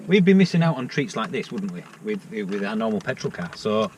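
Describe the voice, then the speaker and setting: Standing by a car charger outside, an English man vlogs in a chatty, jokey way, laughing a lot. His fairly low, darkish voice is very animated and brisk, captured in a noisy outdoor recording with traffic.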